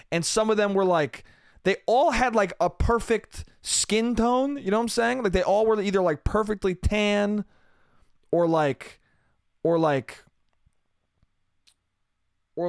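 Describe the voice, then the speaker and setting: A young man talks into a close mic in a loose, profane solo monologue, rambling and laughing at his own jokes. His voice sits a little high for a man and comes across smooth and clean, with a dry, deadened sound and no room echo. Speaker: solo podcast host. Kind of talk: casual comedic monologue.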